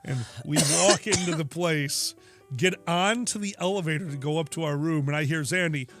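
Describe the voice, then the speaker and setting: A man's voice: a little high, normal speed, faint music behind. A man co-hosting a casual chat show, telling stories and acting out the people in them. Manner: animated, acts out quotes in voices. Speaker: podcast co-host.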